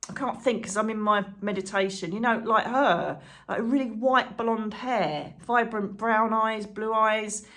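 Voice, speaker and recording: A woman chatting to camera as a channel host, excitable and rambling, full of asides and fillers. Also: fairly high pitch, measured pace. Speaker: psychic medium and channel host. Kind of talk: casual chat to camera.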